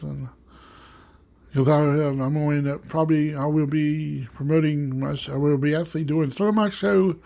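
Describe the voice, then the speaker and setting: A man's voice: a little high, gravelly, darkish tone. A man hosting his own show in a rambling, casual monologue full of fillers, on a home desk microphone. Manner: rambling, many fillers and restarts. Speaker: podcast host.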